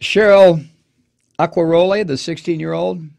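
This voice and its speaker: Talk radio guy ranting, sarcastic and sweary, voice pitched up high. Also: fairly even intonation, unhurried, gravelly, a little mellow. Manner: impassioned, profane, sarcastic ranting. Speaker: radio talk show host. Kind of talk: political talk radio monologue.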